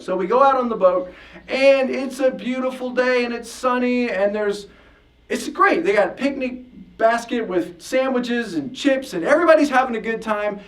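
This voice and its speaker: A middle-aged American pastor preaching a sermon, telling stories and acting out quoted voices. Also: male voice, sits high, far from the mic. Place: church sanctuary.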